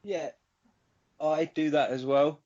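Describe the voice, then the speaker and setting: Male host, very unhurried and hesitant, casual tone; muffled lo-fi recording. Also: on the high side, fairly even intonation, a little mellow. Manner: measured, hesitant, many ums. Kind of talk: casual chat. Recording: dull lo-fi podcast audio.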